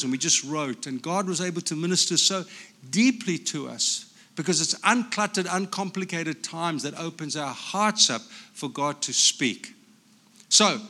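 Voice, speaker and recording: A man from Africa, a pastor, preaching a sermon in an animated, storytelling way. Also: fairly high pitch.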